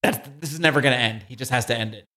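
A man co-hosting a podcast, telling a comic story in a casual, animated way. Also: medium pitch, very fast. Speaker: podcast co-host. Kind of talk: casual comic book review.

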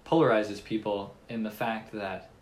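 Halting young man as a podcast guest. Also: fairly low pitch, steady tone, a little hiss or hum, rough recording. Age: young adult. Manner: thoughtful, halting, pausing mid-sentence. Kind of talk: casual podcast chat.

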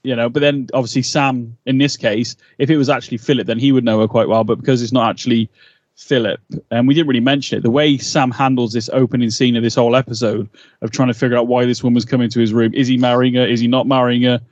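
A man, co-hosting a podcast and rambling through his thoughts in an animated way, laughing a lot. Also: mid-range voice, fast, dry recording. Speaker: podcast co-host. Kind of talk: casual episode recap chat. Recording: slightly dull, dry mic sound.

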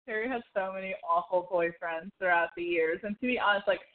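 A woman's voice: lowish voice, brisk. Chatty woman over a phone-like line. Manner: rambling, animated storytelling full of "like". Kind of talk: casual chat recapping a TV show. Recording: phone-like narrow sound.

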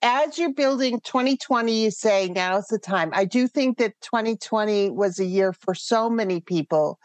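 A woman's voice: on the high side, moderate pace, a little mellow, dry recording. A woman interviewer who circles around her questions with restarts and fillers. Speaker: interviewer host. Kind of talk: conversational interview.

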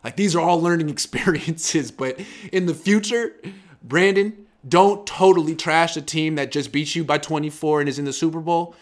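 A man's voice: a little high, moderate pace. A young man, a sports writer guest, chatting casually on a podcast and acting out quoted players. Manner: animated, acts out quoted players with big loud jumps.

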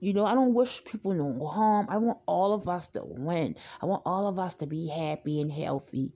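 A woman's voice: on the low side, expressive, normal speed, mellow, breathy edge. A woman hosting a podcast, talking straight to her listeners in a blunt, outspoken, rambling way. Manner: blunt, outspoken, swears freely. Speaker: podcast host. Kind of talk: casual podcast monologue.

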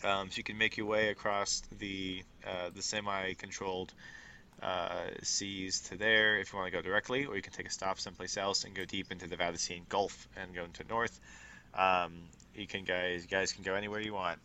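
A man's voice: low voice, little pitch movement, normal speed, sharp tone, a little hiss or hum. A man narrating as game master of a tabletop role-playing game, casual and rambling, full of fillers.

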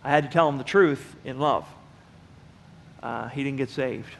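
A man's voice: mid-range voice, normal speed, vocal fry, fairly bright tone, slight background noise. A middle-aged male pastor preaching a sermon in a church, telling a personal story in a folksy way and speaking straight to his congregation. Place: church sanctuary.

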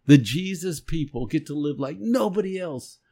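Man, podcast co-host, earnest, emphatic, preacherly, slightly higher voice. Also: animated, moderate pace, mellow. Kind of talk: casual faith conversation.

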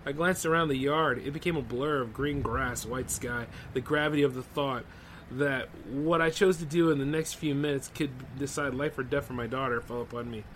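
A man's voice: medium pitch, moderate pace, fairly bright tone, slight background noise, low-quality recording. A man hosting a podcast, reading a horror story aloud and breaking off for loose, chatty asides. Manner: loose, conversational asides full of 'like' and 'man'. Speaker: podcast host. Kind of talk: reading horror stories aloud with casual commentary.

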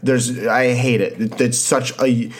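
A man's voice: mid-range voice, steady tone, unhurried. Young male podcast host, early 20s, Canadian-raised, fired-up motivational talker who repeats himself for emphasis and swears casually. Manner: impassioned, repetitive, swears casually. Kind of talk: motivational monologue.

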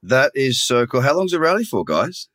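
A man's voice: medium pitch, sing-song, normal speed, a bit bright, no room sound. A man hosting a podcast, chatting casually and joking with his guests. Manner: joking, upbeat interviewer. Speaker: podcast host.

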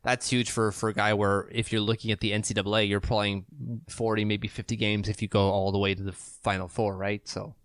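Excitable Canadian man on a dry call mic. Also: brisk, few pauses, no room sound. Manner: excitable, restarts a lot, pitch jumps up when emphatic. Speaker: podcast co-host. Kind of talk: casual sports talk. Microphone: remote video call.

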